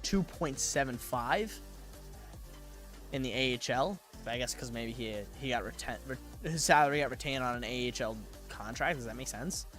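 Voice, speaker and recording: A man's voice: medium pitch, normal speed, fairly bright tone, faint music behind. A young man rambling through live-stream sports commentary, thinking aloud and getting himself worked up.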